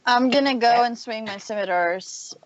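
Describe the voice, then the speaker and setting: A woman playing a tabletop game, speaking calmly. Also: a little high, moderate pace. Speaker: player. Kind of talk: casual tabletop play. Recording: dull lo-fi with faint hiss.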